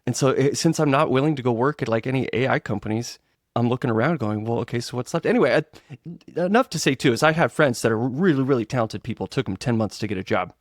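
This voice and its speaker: A middle-aged man talks in a relaxed podcast chat at an everyday mid-range pitch. He tells his stories with gusto and keeps jumping up in pitch to act out the quoted lines. His mic is close and dry, with no room sound. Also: fast talker, dry recording. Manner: animated storyteller, acts out quotes with big pitch jumps. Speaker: guest co-host, web developer.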